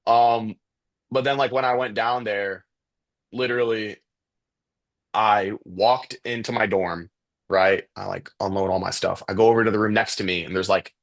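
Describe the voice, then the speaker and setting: A man's voice: fairly low pitch, moderate pace, creaky, no room sound. A young man from Chicago, a student photographer, telling his story casually as a podcast guest with lots of fillers and restarts. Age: young adult. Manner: relaxed, chatty, many fillers and restarts.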